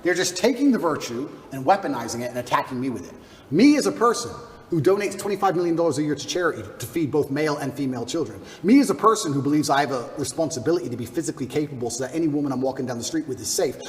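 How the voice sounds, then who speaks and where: A man answering interview questions in a forceful, combative way, hammering his points through repetition. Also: on the high side, animated, rapid-fire, roomy sound, long reverb tail, recorded from a distance. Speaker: guest.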